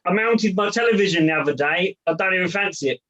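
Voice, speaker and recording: Man, stand-up comedian, high voice, hesitant one-liners, dull lo-fi video call audio. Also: a bit bright. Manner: hesitant one-liner delivery full of ums and pauses. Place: his own room.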